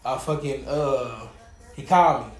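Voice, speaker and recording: A man's voice: mid-range voice, unhurried. A young man hosting a podcast, telling stories in a laid-back way with heavy slang. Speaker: podcast host. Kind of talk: casual chat. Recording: echoey room.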